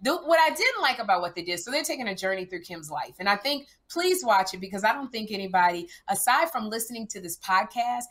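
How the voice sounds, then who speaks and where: Animated storytelling woman podcast co-host. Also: medium pitch, brisk, hardly any pauses. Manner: animated storyteller, acts out quotes loudly. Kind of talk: casual comedic chat.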